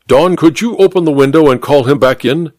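A pompous, indignant judge, cold and sharp-tongued, voiced by a male storyteller. The recording is dry and close. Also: fairly high pitch, brisk, no room sound, voice pushed up, natural voice.

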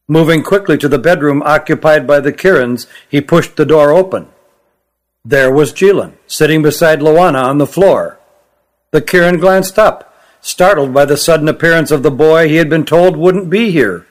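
A man narrating his own novel as an audiobook, in a steady, measured reading. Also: a little high.

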